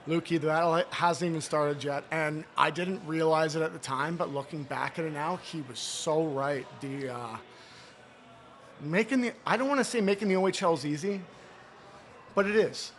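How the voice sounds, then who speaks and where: A man's voice: on the high side, normal speed, slight background noise. A man from Canada, a former hockey player, telling personal stories in an earnest, heartfelt way in a studio inside a sports bar. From Toronto, Canada. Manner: earnest, heartfelt storytelling with fillers. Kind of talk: casual interview chat.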